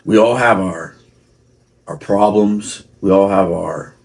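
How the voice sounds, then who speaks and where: A man's voice: deep voice, slow pace, vocal fry. A man talking to camera in a rambling personal monologue, repeating and restarting, working himself up into heated outbursts. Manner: rambling, gets heated and shouty; frequent restarts and repeated words. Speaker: vlogger.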